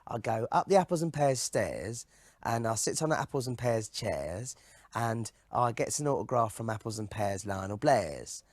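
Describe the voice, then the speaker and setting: This male actor, speaking at normal speed in a dry recording, plays a dim pop singer who boasts and adopts a fake cockney manner for a comedy sketch interview. His delivery is lively, with sing-song rises and falls in pitch.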